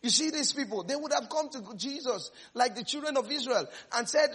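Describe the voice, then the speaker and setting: A middle-aged man preaching a sermon in an animated way, often repeating words and laughing between phrases. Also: very high voice, fairly quick, hardly any pauses, slightly rough.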